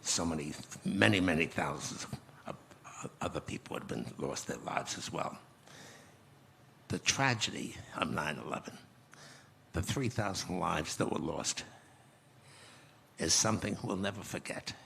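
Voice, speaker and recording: Gravelly, deep-voiced man in his nineties. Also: lively intonation, bright, forceful tone, slight background noise. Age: 90s. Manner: measured, reflective storytelling with pauses. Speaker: conference guest speaker. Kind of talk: recounting memories on stage. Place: conference stage.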